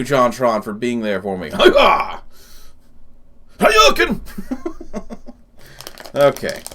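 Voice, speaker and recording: Chatty man with a lively voice. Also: mid-range voice. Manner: chatty, laughs often, thinks aloud. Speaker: gaming channel host. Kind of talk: casual gameplay commentary.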